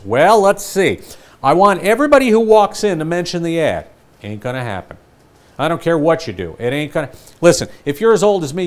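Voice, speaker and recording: An older man leads a sales training session with a lively, swooping delivery. His voice sits a bit high for a man. He acts out what customers and announcers say as he teaches. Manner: animated, acts out customer and ad lines.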